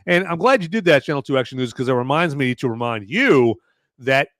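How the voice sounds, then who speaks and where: Rambling, animated man hosting a livestream. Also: mid-range voice, fairly quick, no room sound, clean studio sound. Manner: rambling and emphatic, repeats words, says "okay?" often; thanks viewers by name for donations. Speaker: podcast host reviewing a movie on a livestream. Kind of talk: casual live-stream talk.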